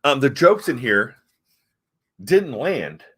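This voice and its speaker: Speaking slowly yet very animatedly, a middle-aged man from the United States hosts a comic review with a mid-range voice that is a bit bright and husky. His casual talk about comics is rambling and hesitant, though he stays frank.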